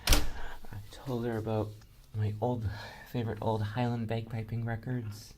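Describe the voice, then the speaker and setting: A man's voice: lowish voice, level tone, measured pace, darkish tone, a little hiss or hum. A young man talking to his own camera on a college campus in a casual, rambling monologue, often repeating and correcting himself as he goes. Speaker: vlogger.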